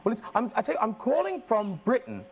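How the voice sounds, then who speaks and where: This is a middle-aged man from Ireland hosting a chat show, his very high voice brisk and full of big pitch swings. He teases and laughs often in playful banter, recorded with a studio audience and noise.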